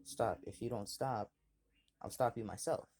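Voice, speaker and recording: A man's voice: on the low side, measured pace, darkish tone. A man voicing a timid, hesitant young boy without powers.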